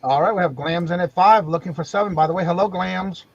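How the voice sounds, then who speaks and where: A man's voice: high-pitched, fast talker, muffled recording. A man hosting a live-stream auction, calling bids and steadily counting down.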